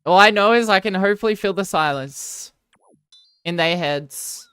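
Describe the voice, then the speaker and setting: Smooth-voiced rambling Australian woman streamer. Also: mid-range voice, moderate pace, a bit bright, no room sound. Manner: rambling, self-mocking, answers viewers' chat between game moments. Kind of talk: casual live-stream chat.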